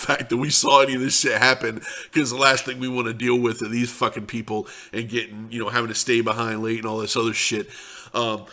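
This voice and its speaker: A man's voice: mid-range voice, sharp tone. A young man telling a casual, profane, rambling anecdote in a laid-back way. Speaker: storyteller.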